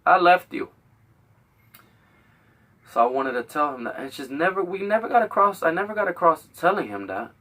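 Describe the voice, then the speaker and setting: A man's voice: on the high side, very animated, fast talker, few pauses, bright, forceful tone, distant mic. A young man hosting a show, telling a heated, profane story full of acted-out quotes. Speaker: podcast host.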